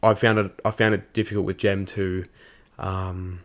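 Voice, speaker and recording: Deep-voiced young man, deadpan. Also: moderate pace. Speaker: podcast co-host. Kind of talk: casual chat.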